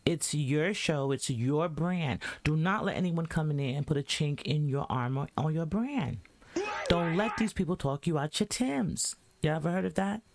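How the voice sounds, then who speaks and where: A man hosting a podcast, casually reacting to a clip and giving advice in a relaxed, chatty way. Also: a little high, moderate pace, creaky, slight background noise. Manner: laid-back, advice-giving, keeps saying "you know what I'm saying".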